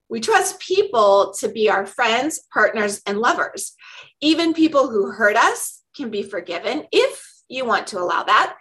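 Bright, high-voiced woman co-hosting a podcast. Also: low-quality recording. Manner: chatty, animated storytelling. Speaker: podcast co-host. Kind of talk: casual chat.

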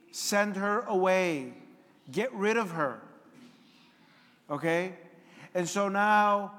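A man's voice: high voice, fairly bright tone, big-room sound. A man giving a sermon as a priest, conversational, often putting questions to the congregation.

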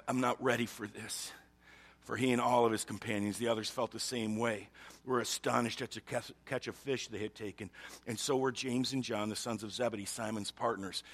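A man's voice: fairly low pitch, fairly even intonation, normal speed, fairly bright tone, husky. Humorous male preacher telling stories. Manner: humorous, storytelling, chuckles often. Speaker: pastor. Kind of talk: sermon.

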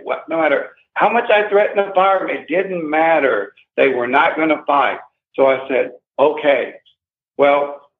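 A man in his sixties, an interview guest, telling his own story in an emphatic, agitated way and repeating himself. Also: on the high side. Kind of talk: emotional first-person account. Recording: tinny phone line with echo.

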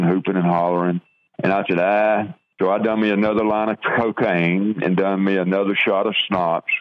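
An older man from the southern United States slowly and earnestly tells his life story in an interview, often stopping to restart. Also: fairly low pitch. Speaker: guest sharing testimony. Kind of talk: personal testimony in an interview. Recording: dull lo-fi radio audio.

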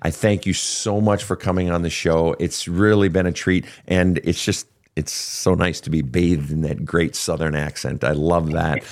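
Deep-voiced man hosting a counseling show. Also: fairly even intonation, moderate pace, few pauses, a little mellow. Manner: frank, earnest, profane at times. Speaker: counselor and podcast host. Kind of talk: counseling call-in talk.

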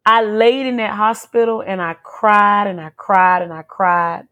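A woman's voice: medium pitch, unhurried, a bit bright. A woman giving an emotional personal testimony as an interview guest, talking earnestly and repeating herself as she tells her story.

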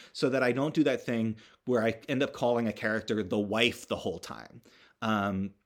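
A young man recapping a movie for his podcast, talking casually with plenty of fillers, false starts and restarts. His tone is sardonic and he swears now and then to land a point, at a middle pitch. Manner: rambling, full of fillers and restarts. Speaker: podcast host.

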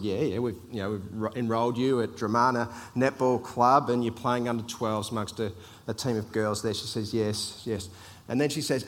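Man telling a story in church. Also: mid-range voice. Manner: chatty, anecdotal, repeats words. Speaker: church ministry team member. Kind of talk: sermon storytelling. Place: church hall. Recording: long hall reverb.

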